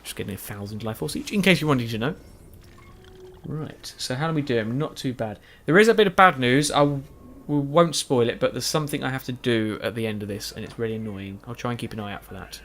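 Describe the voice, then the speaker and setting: Brisk and a bit bright, a mid-range male voice delivers post-recorded commentary over a video game for a gaming YouTube channel. Late at night he's tired and yawning, and his talk wanders, turns self-deprecating, and is riddled with restarts and fillers.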